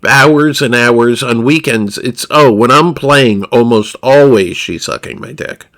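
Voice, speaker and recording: Male streamer, crude rambling chatter, slow and drawling, average pitch. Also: fairly bright tone. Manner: profane, rambling, laughs at himself. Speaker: livestreamer.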